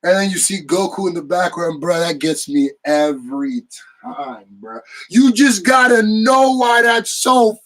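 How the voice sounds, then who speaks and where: A man giving an excited, slangy, casual movie review with bursts of shouting and laughter. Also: high voice, a little slow, rough recording.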